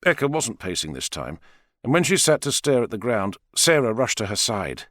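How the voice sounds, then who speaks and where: Expressive male audiobook narrator. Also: mid-range voice, normal speed, dry recording, clean studio sound. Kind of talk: scripted narration.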